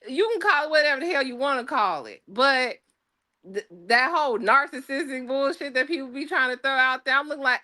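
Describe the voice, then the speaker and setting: A woman's voice: high-pitched, a little fast, bright, forceful tone. A woman guest on a podcast, talking bluntly and emphatically with plenty of swearing. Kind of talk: casual podcast chat.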